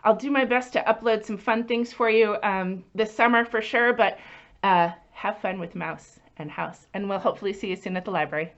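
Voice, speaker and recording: A woman children's librarian leading a story time lesson, animated and singsong, asking the children questions as she goes. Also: mid-range voice, normal speed, lo-fi sound.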